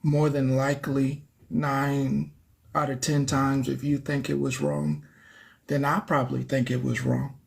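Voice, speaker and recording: A man hosting a casual live stream, speaking slowly and informally. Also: mid-range voice, completely flat delivery, gravelly. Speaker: livestream host.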